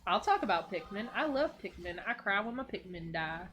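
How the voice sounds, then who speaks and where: A woman joining a gaming livestream, bantering and teasing in a playful way. Her voice is bright and crisp, and it bounces lively across her range, with faint noise behind it. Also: medium pitch, a little fast. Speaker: co-host guest. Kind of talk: casual livestream chat.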